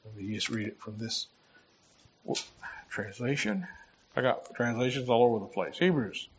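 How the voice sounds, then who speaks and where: A man delivers a sermon, reading scripture verse by verse and breaking off to explain it in a plain, conversational way. He often stops mid-phrase and restarts as he talks. His voice sits in a middle pitch, and the recording sounds a little dull and lo-fi. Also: animated, normal speed, slight background noise. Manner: conversational Bible teaching with asides and restarts. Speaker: pastor.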